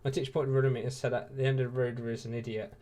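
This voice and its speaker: A man's voice: medium pitch, flat delivery, fast talker, warm tone. A tired man hosting a live watch-along stream, giving laid-back, chatty commentary with jokey asides. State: tired, yawning. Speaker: stream host.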